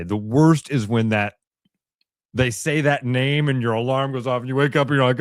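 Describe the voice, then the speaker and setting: A man's voice: mid-range voice, normal speed, no room sound. A man co-hosting a morning radio show, chatting casually and telling rambling, self-deprecating stories.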